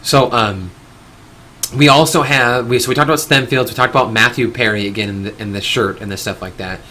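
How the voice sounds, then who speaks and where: A man's voice: mid-range voice, fairly quick, pushed and bright. A man hosting a live stream, talking in an opinionated, rambling way with frequent restarts and casual swearing.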